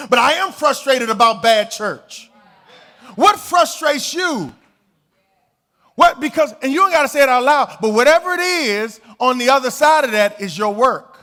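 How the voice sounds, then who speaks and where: A man preaching as a pastor. He talks in a conversational way, then builds to emphatic, shouted points. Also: extremely high pitch. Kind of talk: sermon.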